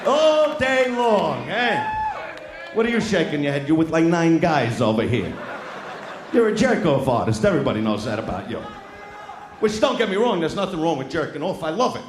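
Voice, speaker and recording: A man doing a crude stand-up routine in front of a live audience. He is loud and brash, taunts people in the crowd and often shouts. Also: a little high, very animated, normal speed. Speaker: stand-up comedian. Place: large live venue with an audience. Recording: echoey live show with crowd noise.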